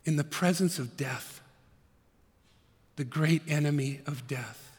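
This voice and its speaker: A male pastor preaching a sermon, earnest, dropping to soft hushed tones and rising to emphatic peaks. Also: on the high side, takes it slowly, slightly rough, big-room sound.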